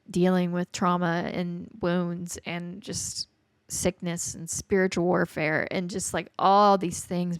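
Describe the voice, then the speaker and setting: Earnest woman in her forties, low and dry. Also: clear, resonant tone, no echo. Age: 40s. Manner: earnest, emotional, often drops to a near whisper. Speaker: podcast host. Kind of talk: personal faith testimony.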